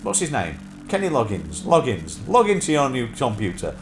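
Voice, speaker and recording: A man's voice: mid-range voice, huge pitch swings, moderate pace, music in the background. A man hosting a casual chat show livestream from his home couch, rambling and breaking into song. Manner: chatty, rambling, bursts into song. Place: home living room on a couch.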